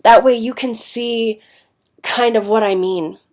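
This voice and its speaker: A woman's voice: on the high side, steady tone, a little slow, darkish tone. A woman from Ohio, an English teacher, giving a recorded class lecture with a stuffed-up nose, chatty and often checking in with "okay?". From Ohio, United States.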